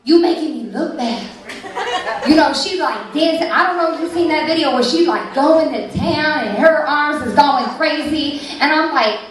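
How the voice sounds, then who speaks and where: A brash, slangy woman who brags about her looks, as a comedian puts her on. She sounds high and bold. The voice comes from across a very echoey comedy club. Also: normal speed, distant mic, a little hiss or hum, lightly acted. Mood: sassy. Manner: sassy, slangy, bragging. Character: brash sassy woman fixated on her backside. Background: audience laughter.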